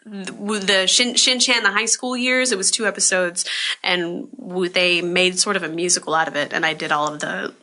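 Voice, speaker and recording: A woman voice actress guesting on a podcast, chatting casually in a quick, rambling way with frequent laughs. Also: fairly low pitch, steady tone, sharp tone. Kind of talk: casual chat.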